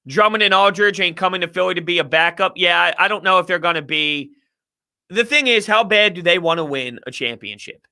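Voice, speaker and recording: A male sports talk host riffs on viewer questions with fired-up, opinionated energy. His voice sits high for a man and comes across piercingly bright. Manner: animated, opinionated ranting. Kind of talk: live-stream sports talk.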